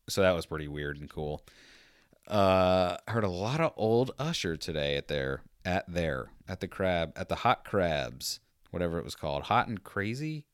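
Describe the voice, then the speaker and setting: Guy with a low smooth voice rambling through a story about an annoying waiter, dry close mic. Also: no room sound. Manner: rambling, animated, acts out quotes. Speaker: podcast host. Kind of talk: casual storytelling monologue.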